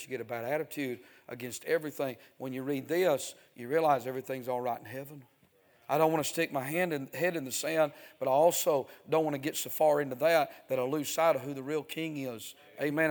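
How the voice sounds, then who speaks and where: A male preacher delivering a sermon, dropping to near hushes and then building to loud, emphatic stretches punctuated with "Amen.". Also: on the high side. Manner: swings from hushed to shouting, repeats "Amen".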